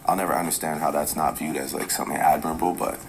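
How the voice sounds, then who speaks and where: A man's voice: rumbling low, flat delivery, quick pace, noisy background. A man from Toronto in a played interview clip, earnestly venting and filling his talk with "like". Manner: earnest, venting, says like a lot.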